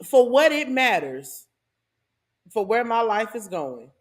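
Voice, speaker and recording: A woman hosting her own channel, giving a casual and animated commentary monologue with a preachy tone and laughing asides. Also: a little high, slow. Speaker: host.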